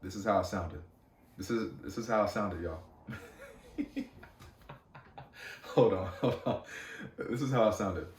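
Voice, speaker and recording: Low-voiced man telling a story, echoey room. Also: a little slow, pauses often, distant mic. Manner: animated, slangy, many fillers and restarts. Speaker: podcast host. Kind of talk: casual storytelling monologue.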